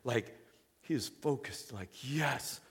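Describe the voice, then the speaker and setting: A man preaching a sermon as earnest storytelling, moving between hushed, quiet passages and loud, excited bursts. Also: mid-range voice, a little slow. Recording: long reverb of a hall.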